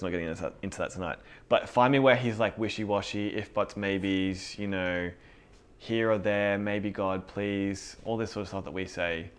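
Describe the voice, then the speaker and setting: A male pastor preaches a sermon to a group in a fairly low voice. Rather than sounding scripted from a pulpit, he talks like a friend, earnest and direct, and laughs often.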